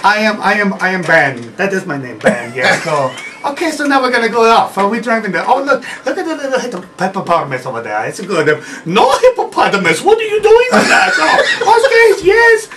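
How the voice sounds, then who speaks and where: A man's voice: high voice, huge pitch swings, fairly quick, few pauses, distant mic, noisy background, pitched above the performer's own voice. A man voicing a cheery, bumbling male jungle-boat tour guide with a Hong Kong accent, laughing through his lines. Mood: giddy.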